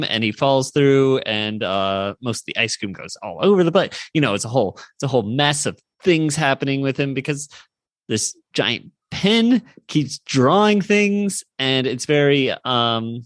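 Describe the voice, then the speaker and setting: A man's voice: medium pitch, big pitch swings, unhurried, no echo. A man co-hosting a podcast, recapping a cartoon episode in a rambling, casual way. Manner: rambling recap, with frequent fillers and laughs. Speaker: podcast co-host.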